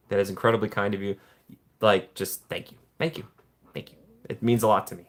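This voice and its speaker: A man hosting a casual live stream, reading viewer comments in a playful, jokey way, often laughing and jumping up in pitch when excited. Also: moderate pace, pauses often.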